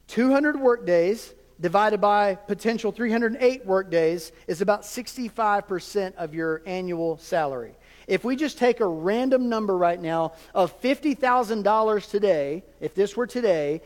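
A man preaching a sermon as a pastor, conversational with jokes and asides to the congregation. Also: high-pitched. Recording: long hall reverb.

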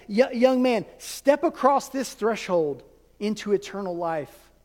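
A man with a high voice preaches a sermon, leaning on rhetorical questions and pausing for effect. His words ring out with a long hall reverb. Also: darkish tone. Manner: emphatic preaching with rhetorical questions and dramatic pauses. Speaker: pastor.

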